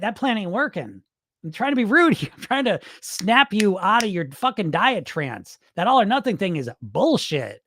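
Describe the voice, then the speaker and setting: A man's voice: high-pitched, a bit bright, no echo, studio quality. A man coaching dieters in a live-stream talk, blunt, profane and mocking as he acts out their excuses. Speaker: weight loss coach.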